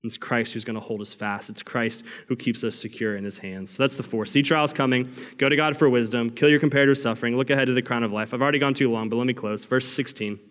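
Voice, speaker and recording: A young man preaching a sermon as a pastor, telling a family story and sometimes shouting quoted cries. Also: mid-range voice, fairly even intonation, fast talker. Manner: storytelling, rising to loud acted cries. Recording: long reverb of a large hall.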